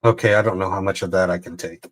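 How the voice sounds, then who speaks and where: A man's voice: deep voice, steady tone, fast. Chatty man reacting to a video. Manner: chatty, incredulous, rambling. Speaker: host. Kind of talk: casual commentary reacting to a video.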